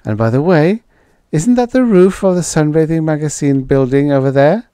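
Read by a man, a quick, acid-tongued young secretary snaps back in curt retorts. Her voice is lifted and lively, set close and dry for a story reading. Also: a little high, clear, resonant tone, no room sound, pitched above the performer's own voice, lightly acted. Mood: tart.

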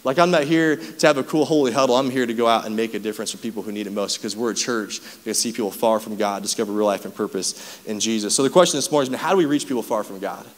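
A man's voice: on the low side, fast talker, hardly any pauses, in a large hall. A man preaching a sermon as pastor, telling stories casually and laughing often. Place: church auditorium.

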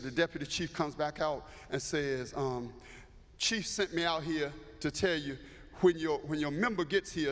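A man preaching as bishop, telling a story in an animated way and acting out the voices. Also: fairly high pitch. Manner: animated, acts out voices, builds to shouting. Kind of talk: storytelling sermon. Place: large church sanctuary. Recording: echoey church hall, faint ambience.

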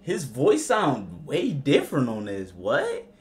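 Excitable young male streamer, lively pitch. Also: takes it slowly. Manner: excitable, slangy, repeats himself. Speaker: streamer reacting to music. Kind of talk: live stream music reaction.

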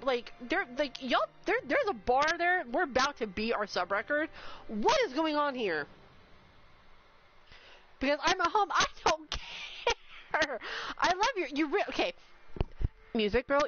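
A woman streamer, talking to her live chat in an excited, overwhelmed rush of exclamations. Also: high voice. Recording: slightly dull sound with faint noise.

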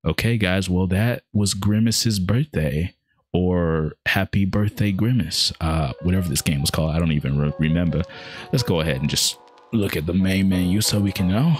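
A man's voice: low-pitched, moderate pace. A man commentating as he plays a horror game, joking, then yelping and pleading at it in panic. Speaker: gaming channel host. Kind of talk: let's play commentary. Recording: loud game music behind. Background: game music.

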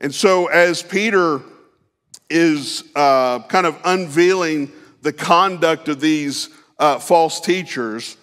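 A man delivers a sermon in a church, his voice sitting a little high for a man. He talks in a folksy, easygoing way, full of "uh"s and restarts. The sound rings out with the long reverb of a large hall. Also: a bit bright. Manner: folksy, unhurried, with frequent fillers and restarts. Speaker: pastor. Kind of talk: conversational sermon with personal storytelling. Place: church sanctuary.

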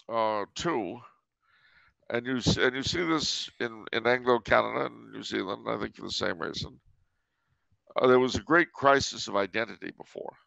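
A man's voice: mid-range voice, vocal fry, fairly bright tone, no echo. A man hosting a podcast, talking in a wry, digressive storytelling way. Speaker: podcast host. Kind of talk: casual conversational chat. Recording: dry, dull lo-fi sound.

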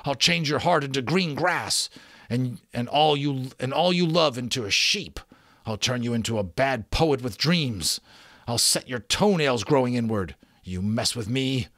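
A man's voice: lowish voice, moderate pace, dry recording, studio quality, lightly acted. A man doing a weary, bitter magician. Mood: furious. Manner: mournful, theatrical, with flares of sputtering rage. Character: weary, self-doubting male magician, bitter yet kind.

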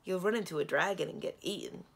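A brisk, practical young princess in a storybook, quick to demand answers and short on time, as a woman reading aloud puts her on. Her voice sits low with a slight rasp.

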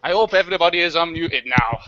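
A man with a high, very bright voice hosts a live web show, excitable and joking, his pitch leaping all over. He sounds a little flustered at times. The audio is dry and dull, like a webcam mic on a video call. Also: fast, no echo.

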